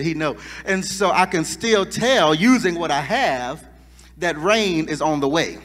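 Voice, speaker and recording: A man's voice: high voice, fairly bright tone. A man preaching a sermon in a church, fervent and building in intensity with call-and-response. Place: church sanctuary. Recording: long church reverb.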